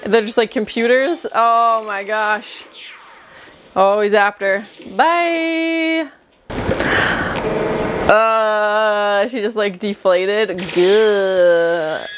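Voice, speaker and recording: A woman hosting a movie reaction, chatting casually in an animated, exclamatory way with film music behind her. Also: mid-range voice, very slow, background noise. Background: film soundtrack music.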